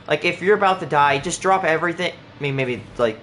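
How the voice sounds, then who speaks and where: A man with a fairly high, a bit bright voice talks fairly quickly while gaming on a livestream, and a little hiss or hum can be heard. His casual chat rambles with many "like"s and restarts. Clear music plays behind him.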